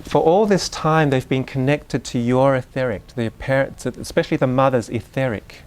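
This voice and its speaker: A man's voice: mid-range voice, normal speed, darkish tone, clear, resonant tone. A man giving an informal talk to an audience of parents, explaining ideas through examples and asides to the listeners. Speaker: speaker on Waldorf education.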